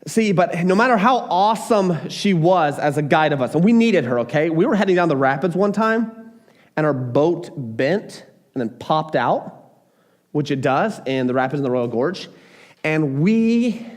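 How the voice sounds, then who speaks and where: Guy preaching a sermon, kinda high voice, lively and emphatic, trips over his words sometimes. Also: unhurried. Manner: animated, emphatic, with repeated restarts. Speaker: pastor.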